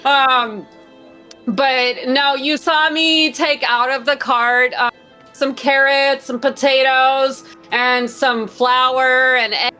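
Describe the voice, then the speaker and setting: A woman in a tabletop role-playing game who describes her actions in a slow, meandering way, with frequent giggles. Her voice is high and bright. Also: fairly even intonation, smooth, soft background music. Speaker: player. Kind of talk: tabletop role-play chat.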